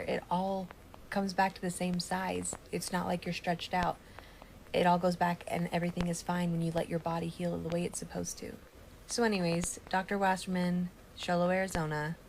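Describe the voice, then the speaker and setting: A woman's voice: on the low side, steady tone, normal speed, vocal fry, darkish tone, a little hiss or hum, poor audio. A young woman recovering from surgery, telling a personal story in a casual, earnest, hurt tone as she warns others.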